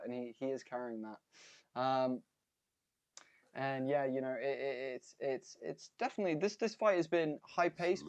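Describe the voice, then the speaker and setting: A man's voice: medium pitch, darkish tone, no room sound. Young male co-host, hybrid American-British accent, laid-back chat reader, slightly muffled, dry. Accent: mixed American and British. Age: young adult. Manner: laid-back, reads chat aloud, says mate and bro. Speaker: stream co-host. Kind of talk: live stream commentary and chat reading.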